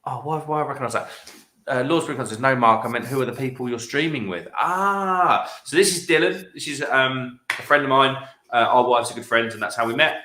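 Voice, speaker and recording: A man's voice: medium pitch, brisk, pushed and bright, reverberant. A man hosting a casual late-night livestream, reading viewer comments aloud and laughing often. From England. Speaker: livestream host. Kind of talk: casual chat reading out live chat.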